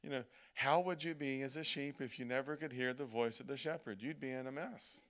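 A man delivering an evening sermon in a loose, conversational way. He keeps checking in with "okay?" and slows down to lean on quoted scripture. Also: medium pitch, a bit bright. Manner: conversational preaching, frequent "okay?" check-ins, slows to stress quoted verses. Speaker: preacher. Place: church service.

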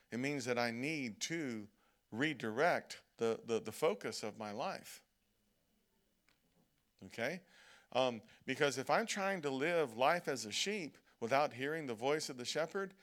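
This is a preacher at an evening church service, talking loosely and conversationally with his congregation. He repeatedly asks "okay?" and eases his pace to stress the verses he quotes, in a bright-ish, medium-pitched male voice.

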